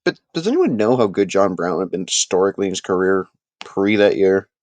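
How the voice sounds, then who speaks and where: A man with a fairly low voice hosts a casual live sports talk stream and talks straight to his viewers. His pitch swings widely as he makes his points with animated emphasis. The sound is dry and close, with no room echo. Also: brisk.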